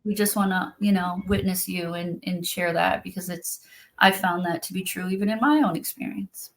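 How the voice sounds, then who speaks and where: A woman's voice: on the low side, steady tone, normal speed, a little hiss or hum, poor audio. A woman who practices spiritual activation, talking casually and earnestly about her work, with many fillers. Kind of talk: casual conversational talk.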